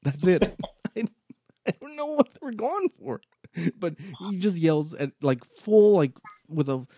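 Man, podcast co-host, mellow dark voice, dry sound, retells scenes with acted-out lines. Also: sits high, measured pace, no echo. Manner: animated storytelling, acts out movie lines. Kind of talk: casual chat.

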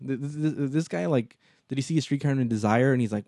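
Casting: male podcast co-host, warm mellow tone, dry close sound, animated storyteller. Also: mid-range voice, fast, vocal fry, no echo. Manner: animated storytelling, acts out movie lines. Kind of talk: casual chat.

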